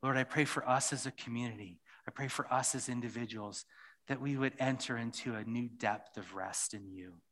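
A man's voice: mid-range voice, moderate pace, fairly bright tone. A man preaching a sermon and leading a closing prayer, speaking earnestly and often repeating phrases. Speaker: pastor.

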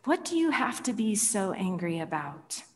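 A woman voicing a gentle, patient God in a sermon, asking soft, quiet, probing questions. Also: medium pitch, very animated, normal speed, slight background noise, close to an everyday voice. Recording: long reverb of a large hall.

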